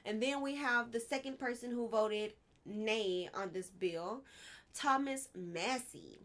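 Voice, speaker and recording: A young woman hosts a casual live stream, talking through politics in a blunt, emotional way. She lets the curse words fly when she gets worked up, and her voice sits a little high. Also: slow pace, a bit bright.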